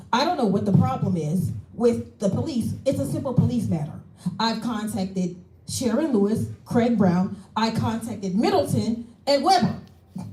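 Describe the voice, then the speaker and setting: A woman's voice: a little high, warm tone. Aggrieved woman at a council podium. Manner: earnest, aggrieved, repeats herself. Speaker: public commenter at a city council meeting. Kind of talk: public comment. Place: city council chamber. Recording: echoey council chamber.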